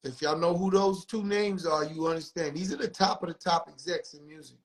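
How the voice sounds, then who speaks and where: Brief: high-pitched male guest, blunt and profane, animated storyteller. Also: fairly quick, low-quality recording. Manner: profane, animated, acts out other people's lines. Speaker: music industry guest. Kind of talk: candid storytelling on a livestream podcast.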